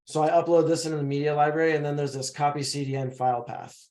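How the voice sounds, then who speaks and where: A man's voice: on the high side, fairly even intonation, a little mellow. A man on a video call casually walking through a screen-share tutorial, explaining step by step with small halts and restarts. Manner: casual, explanatory, a bit halting. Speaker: no-code platform expert demonstrating.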